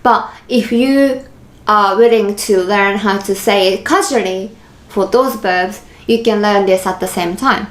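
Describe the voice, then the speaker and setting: A woman's voice: mid-range voice, a little slow, roomy sound. A woman who is a native Japanese speaker, teaching a beginner lesson online, speaking patiently and repeating each example. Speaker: language teacher.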